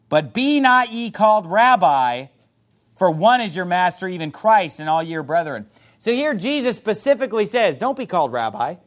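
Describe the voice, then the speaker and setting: A man preaching a sermon as a pastor, fiery and emphatic, reading scripture aloud in old-fashioned wording. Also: sits high.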